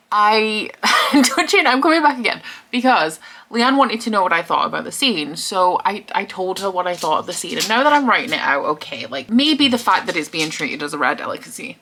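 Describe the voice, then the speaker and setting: A woman's voice: fairly low pitch, moderate pace. Chatty woman book vlogger. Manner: chatty, rambling, animated. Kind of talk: casual reading vlog chat.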